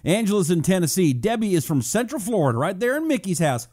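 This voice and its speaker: A man's voice: high voice, very animated, a little mellow. Breezy jokey male talk-radio host. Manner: jokey, breezy, quick asides. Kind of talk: live talk show, reading viewer check-ins.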